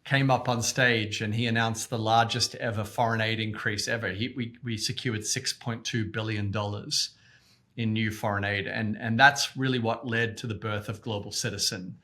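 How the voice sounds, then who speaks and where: An Australian man in his forties, a guest in an interview, telling stories in an animated way and often repeating words as he restarts. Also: lowish voice, normal speed. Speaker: guest, activist organization co-founder. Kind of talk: interview storytelling.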